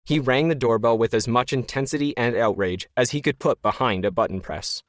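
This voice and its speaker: Wry, deadpan male narrator. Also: mid-range voice, brisk, no room sound, clean studio sound. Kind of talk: scripted narration.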